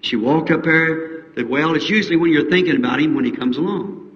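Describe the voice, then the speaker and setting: A middle-aged American man preaching a revival sermon, folksy and fervent, rising to high emotional peaks. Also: fairly quick, dull audio. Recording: 1960s archive tape in an echoey hall.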